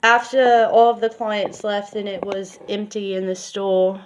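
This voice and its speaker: A woman's voice: medium pitch, level tone, a little slow, a little hiss or hum. A woman telling a personal story in a casual, rambling way with lots of fillers. She speaks candidly and swears now and then.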